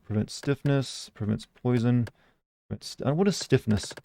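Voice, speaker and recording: A young man chats his way through a game on a live stream, rambling and answering chat messages as they come in. His voice sits in a mellow, relaxed register. A faint hiss of noise runs under the recording. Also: mid-range voice, normal speed, gravelly. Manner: chatty, rambling, reads chat aloud. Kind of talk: casual live-stream commentary.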